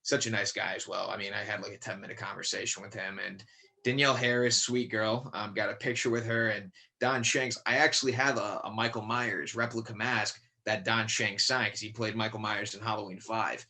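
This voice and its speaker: A man's voice: fairly low pitch, level tone, brisk, gravelly, sharp tone. Rambling young man from Connecticut. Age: about 20. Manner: rambling, many fillers and restarts. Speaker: guest, young actor. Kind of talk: casual podcast interview.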